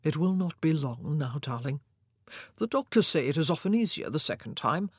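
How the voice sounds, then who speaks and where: A woman's voice: sits low, animated, normal speed, darkish tone, slightly rough, no room sound. A woman doing a proud middle-aged king of the Tudor court, stern and commanding. Close, dry storybook reading with no room sound. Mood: tender.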